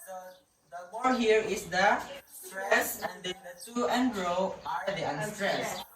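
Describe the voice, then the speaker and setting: Slow, patient woman teacher in a roomy classroom. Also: mid-range voice, a crowd in the background. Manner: slow and patient, repeats words for students. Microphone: distant camera. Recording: roomy classroom from far off, children around.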